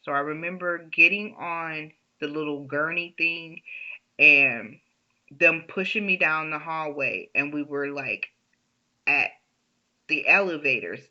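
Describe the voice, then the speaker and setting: A woman tells a personal story in a chatty, laughing way. She talks slowly with a bright, forceful tone. The recording is dull and lo-fi. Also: low voice. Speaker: storyteller, vlogger. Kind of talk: casual storytime.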